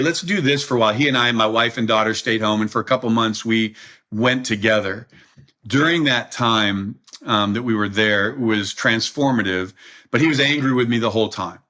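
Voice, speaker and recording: A man's voice: mid-range voice, pushed and bright. A middle-aged man telling a personal story as a podcast guest, earnest and emotional. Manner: earnest, emotional, quotes himself.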